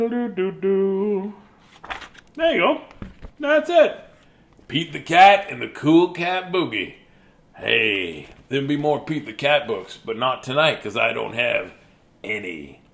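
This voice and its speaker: A man's voice: on the high side, creaky, a bit bright. Goofy man reading a bedtime story. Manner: goofy, chatty asides and sing-song noises. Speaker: storybook reader.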